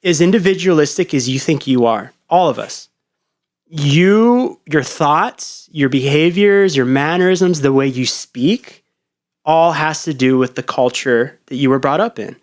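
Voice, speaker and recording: A man's voice: a little high, measured pace. A young man hosting a podcast in loose, casual chat, swearing often and rambling through ideas with many fillers. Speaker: podcast host.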